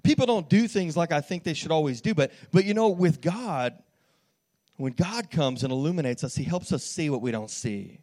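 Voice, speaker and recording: A man preaching a sermon as pastor in church, telling a lively story with frequent restarts and calls to the congregation. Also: on the high side, normal speed.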